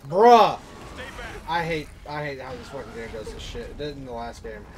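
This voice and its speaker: A man's voice: mid-range voice, fast, crowd noise. A young man commenting on his gameplay as a streamer, with frustrated outbursts and constant swearing. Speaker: gaming streamer.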